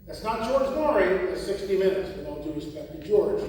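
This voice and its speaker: A man giving a talk to a live audience, animated and full of rhetorical questions. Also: high voice, brisk, slight background noise. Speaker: conference speaker. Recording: echoey hall recording from far off.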